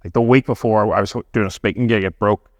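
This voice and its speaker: A man's voice: fairly low pitch, dry recording, clean studio sound. A man, a podcast guest telling stories in casual chat, swearing freely. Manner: fast, animated storytelling with frequent swearing.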